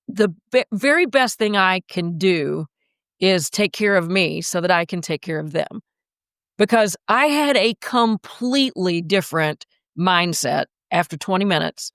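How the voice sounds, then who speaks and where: A woman's voice: fairly low pitch, a bit bright, smooth, no echo, clean studio sound. A woman coach, a podcast guest, telling a personal story in a vivid, dramatic way.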